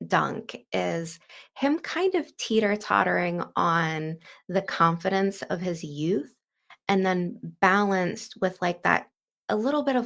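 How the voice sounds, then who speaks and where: A woman hosting a casual book breakdown in a chatty way, with plenty of filler words. Her voice sits low with noticeable vocal fry. It is relaxed and conversational. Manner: chatty, many fillers like "like" and "kind of". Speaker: book discussion host.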